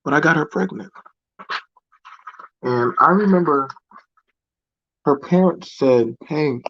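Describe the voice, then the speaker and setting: A man telling a personal story to his viewers in a reflective, halting way. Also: on the high side, vocal fry, fairly bright tone, slightly rough. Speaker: vlogger. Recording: dry, dull lo-fi recording.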